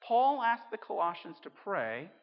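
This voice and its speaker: Male pastor, high voice, chatty sermon delivery, muffled recording with long reverb. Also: big pitch swings, unhurried. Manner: conversational preaching with emphatic swings in loudness. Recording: dull sound with long hall reverb.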